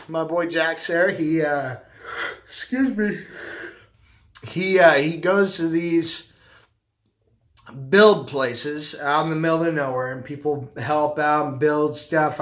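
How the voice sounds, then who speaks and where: A man's voice: a little high, fairly bright tone. A middle-aged man talking casually to the camera, rambling and repeating himself. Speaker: vlogger, carpet cleaner and business owner.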